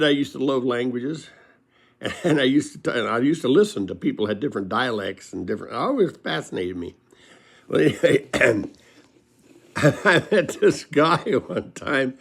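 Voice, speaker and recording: A man's voice: medium pitch, gravelly. An older man telling folksy stories from his life in a casual, rambling way, laughing as he goes. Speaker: storyteller. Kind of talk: casual storytelling.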